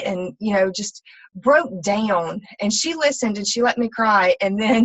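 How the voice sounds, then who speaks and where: A woman's voice: medium pitch, animated, measured pace. A woman, a fitness coach, telling her personal story in a candid, rambling way full of ums and restarts. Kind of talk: personal testimony talk. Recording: slightly dull, lo-fi sound.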